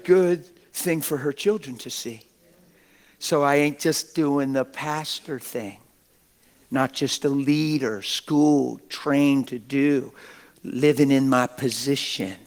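A man's voice: mid-range voice, takes it slowly. Exuberant, laughing middle-aged preacher man. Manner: exuberant, folksy, laughing, animated. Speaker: pastor. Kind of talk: sermon.

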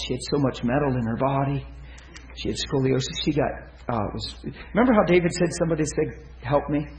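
Animated preacher man telling stories. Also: on the high side, echoey room, a little hiss or hum, poor audio. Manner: animated, swings from loud excited to hushed and tender. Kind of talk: sermon storytelling.

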